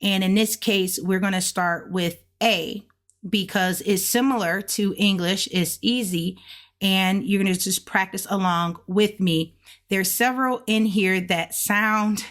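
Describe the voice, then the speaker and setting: A woman's voice: medium pitch, a bit bright. A woman casually walking viewers through practice, speaking patiently and drawing out sounds as she models them. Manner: slow, patient, drawn-out syllables when modeling sounds. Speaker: language learner teaching along. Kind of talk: casual lesson narration.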